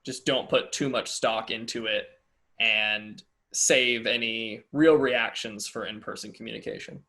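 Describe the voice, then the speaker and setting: A man's voice: fairly low pitch, fairly even intonation, unhurried, creaky, sharp tone. A man interviewing a friend, chatting casually with frequent fillers.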